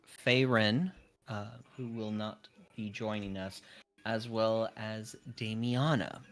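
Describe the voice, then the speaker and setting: A man running a tabletop game as dungeon master, narrating in a relaxed, hesitant way with restarts. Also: on the low side, takes it slowly.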